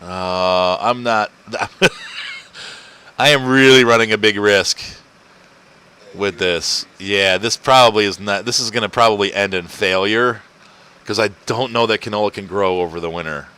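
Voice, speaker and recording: A man talking through a let's-play at home, rambling from story to story and laughing often. His voice sits fairly low and sounds bright and forceful through a desk mic. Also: a little slow, clear, resonant tone. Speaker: gaming channel host. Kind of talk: casual let's-play commentary. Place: home, indoors.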